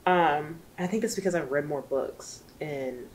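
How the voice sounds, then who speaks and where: Chatty woman with a lowish voice. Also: a little slow, slight background noise. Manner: chatty and emotional, rambling with many fillers. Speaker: book reviewer. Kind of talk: casual chat.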